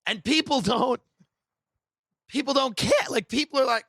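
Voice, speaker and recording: A man hosting a podcast, riffing in a sarcastic, deadpan comedic monologue full of dark satire and sudden mimicked voices. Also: very high-pitched, moderate pace, creaky, pauses often, dry recording. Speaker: podcast host.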